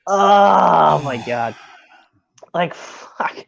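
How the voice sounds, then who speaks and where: A woman co-hosting a podcast, chatting excitedly about a movie, swearing often and laughing a lot. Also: lowish voice, very slow, vocal fry. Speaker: podcast co-host. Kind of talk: casual movie review chat. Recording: dull lo-fi audio.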